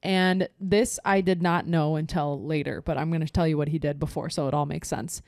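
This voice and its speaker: A young woman hosting a casual chat, telling a rambling, animated story full of "like" and laughter. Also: low-pitched, moderate pace, vocal fry, dry recording, clean studio sound.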